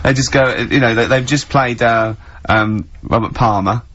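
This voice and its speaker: Bright-voiced teasing male radio host. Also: a little hiss or hum. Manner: teasing, quick to burst into high laughter. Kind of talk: casual radio banter. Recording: muffled radio broadcast recording.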